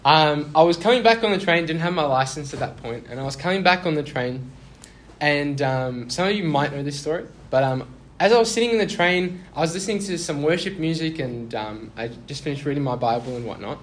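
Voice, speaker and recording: In a slightly high, animated voice and at a fairly quick clip, a young man recounts something from his own life in a relaxed sermon. His tone is talkative and self-mocking, and he laughs through the uncomfortable parts.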